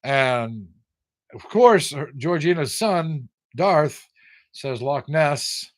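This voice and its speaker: An older American man hosts a live trivia stream, his voice on the high side, animated, with drawn-out words. He casually teases viewers, reading their names and answers aloud with sarcastic banter.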